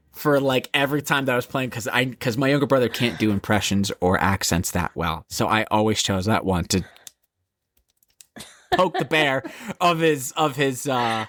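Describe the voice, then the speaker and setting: A man co-hosting a podcast in casual chat, telling a story in an animated, profane way. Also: medium pitch, no echo, clean studio sound. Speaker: podcast co-host.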